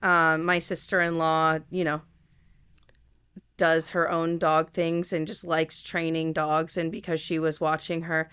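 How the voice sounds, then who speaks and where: A woman's voice: low voice, level tone, measured pace, a bit bright, clear, resonant tone, no echo, studio quality. A young woman co-hosting a casual podcast chat, rambling with lots of fillers and restarts. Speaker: podcast co-host.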